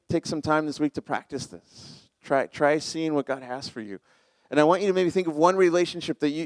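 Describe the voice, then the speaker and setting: A man's voice: mid-range voice, no echo. A man in his forties preaching a conversational, self-deprecating sermon as pastor, often laughing at himself.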